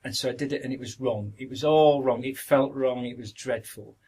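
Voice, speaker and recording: A man's voice: medium pitch, fairly quick, darkish tone, breathy edge. A middle-aged man with a Yorkshire accent, a guest actor reminiscing through long anecdotes in a casual podcast interview.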